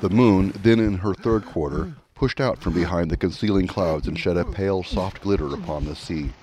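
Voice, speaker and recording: A man giving a measured, clear scripted voice-over reading. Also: low-pitched, a crowd in the background.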